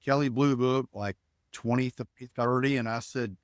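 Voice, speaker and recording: A man's voice: mid-range voice, moderate pace, no echo, clean studio sound. A middle-aged man from Alabama, a podcast guest telling anecdotes with lots of restarts and acted-out dialogue. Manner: animated storyteller, acts out dialogue, frequent restarts. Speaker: guest, ticket broker. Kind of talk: storytelling in a podcast interview.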